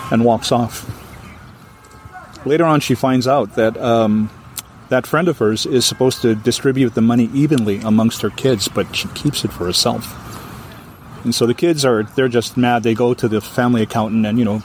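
A man from Hawaii, a storyteller, telling a ghost story with vivid, animated narration. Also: medium pitch, normal speed, a little hiss or hum. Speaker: storyteller guest.

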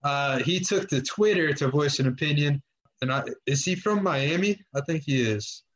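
A man's voice: fairly high pitch, animated, moderate pace, fairly bright tone, muffled recording. A man co-hosting a casual sports chat, rambling along with lots of fillers and restarts. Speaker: podcast co-host.

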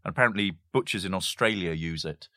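A man's voice: low-pitched, fast, pushed and bright, no echo, studio quality. A man explaining language games in a casual chat, stopping to give examples and laughing often.

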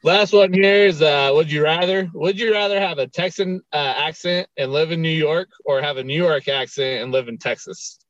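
A man's voice: a little high, moderate pace, hardly any pauses, fairly bright tone, dry recording. A man from Colorado hosting a podcast, talking in an easygoing, rambling way. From Colorado, USA. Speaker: podcast host. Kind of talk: casual interview chat. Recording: muffled audio with faint music.

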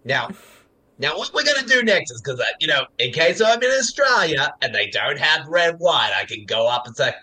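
A man's voice: fairly high pitch, sing-song, normal speed, sharp tone, breathy edge, exaggerated voice. A man putting on the voice of an eccentric woman actress, camp and flighty, slipping into silly accents. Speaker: co-host.

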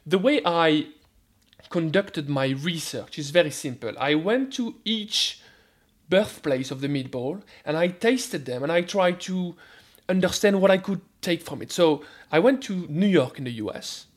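French-accented male food scientist, high voice, lively radio guest. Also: unhurried. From France. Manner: animated, repeats words when starting sentences. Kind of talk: radio interview.

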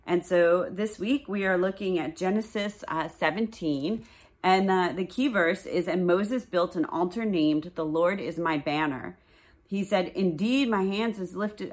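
A woman in her forties teaching a casual Bible study, chatting and reading scripture aloud. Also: fairly low pitch.

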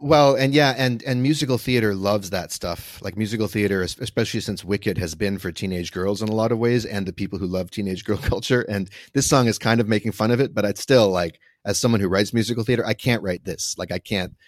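A man with a fairly low voice talks loosely on a podcast, restarting his sentences and breaking into laughter. The sound is dry and close to the mic. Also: a little fast, few pauses, no room sound. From United States. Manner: rambling, self-interrupting, laughs often. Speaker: podcast co-host. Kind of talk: casual conversation.

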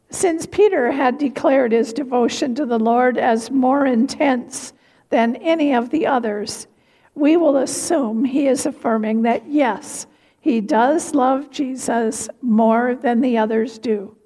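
A woman giving a sermon, telling a story slowly and reflectively. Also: high-pitched, mellow. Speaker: preacher. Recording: reverberant hall.

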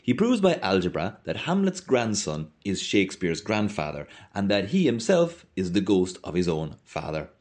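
A man voicing a boisterous, mocking young Irishman who talks loudly and theatrically. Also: sits low, very animated, normal speed, hardly any pauses. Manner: loud, theatrical, teasing.

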